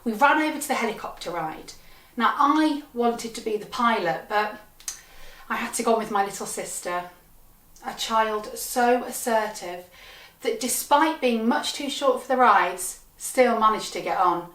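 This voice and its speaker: Brief: a wry, deadpan woman storyteller with a fairly high voice, in an echoey room, mic set back. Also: measured pace, recorded from a distance. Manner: deadpan, wry, punchy delivery. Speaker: comedian storyteller. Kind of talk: comic storytelling performance.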